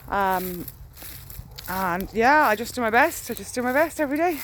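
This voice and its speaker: This Irish dog walker talks in a fairly high, expressive, slightly bright voice at a moderate pace, with a little background noise. She's filming a candid, rambling diary-style vlog on a field walk, chatting freely as she goes, with faint country air in the background.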